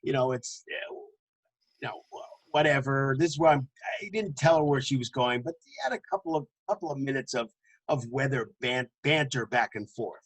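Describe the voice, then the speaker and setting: A man's voice: animated, moderate pace, low-quality recording. A man co-hosting a casual sports podcast, telling stories with frequent laughs and restarts. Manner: laughs often, storytelling with restarts; jokingly puts on a booming announcer voice. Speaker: co-host.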